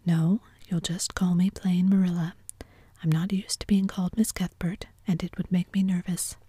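A woman's voice: on the low side, level tone, moderate pace, warm tone, dry recording, studio quality. A woman whispering as a stern, strict older spinster. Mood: firm. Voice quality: breathy whisper. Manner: curt, disapproving. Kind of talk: whispered role-play.

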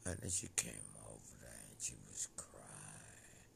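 Guy with a super deep gravelly voice rambling on, slow and all over the place. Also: expressive, slight background noise. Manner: rambling, drifting between topics. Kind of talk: rambling monologue.

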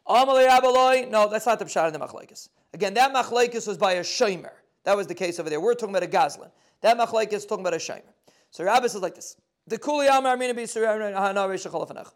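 A man teaching a Talmud lesson, reading the Aramaic text and explaining it in quick with phrasing. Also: sits high. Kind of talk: daf yomi Talmud lesson.

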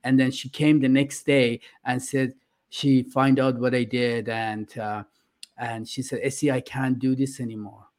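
A middle-aged man speaks in a podcast interview at a medium pitch. He talks earnestly but haltingly, and many "uh" fillers break up his sentences. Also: little pitch movement, darkish tone. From Iran. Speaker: podcast guest. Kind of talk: casual interview talk.

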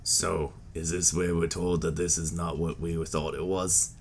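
A man's voice: low-pitched, little pitch movement, measured pace, slight background noise. A man playing a tabletop game, speaking in character with dry retorts. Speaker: player.

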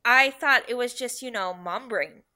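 A young woman co-hosting a casual podcast, with a bright, clear tone. She talks earnestly and reflectively, her sentences often trailing off as she thinks. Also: on the high side, normal speed. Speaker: podcast co-host.

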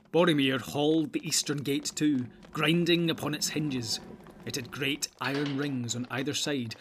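A man narrating a fantasy audiobook in a steady, measured storytelling manner, with a husky voice. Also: medium pitch, a little hiss or hum.

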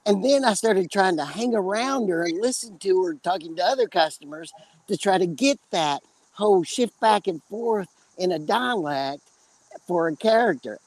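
A man's voice: sits high, lively intonation, moderate pace, no echo, low-quality recording. A man with a West Texas accent, chatting casually as a podcast co-host and telling long, joking stories. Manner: rambling storyteller, joking. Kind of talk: casual chat.

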